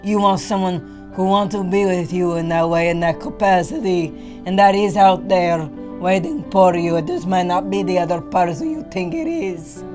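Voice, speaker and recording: A woman giving steady, earnest breakup advice in a put-on character voice. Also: fairly low pitch, moderate pace, over music. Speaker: guest giving dating advice.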